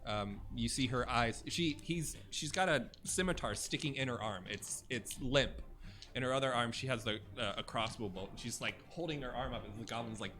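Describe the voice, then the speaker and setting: A young man runs a tabletop game as its narrator, his speech halting and full of fillers. His medium-pitched voice sounds pushed and bright.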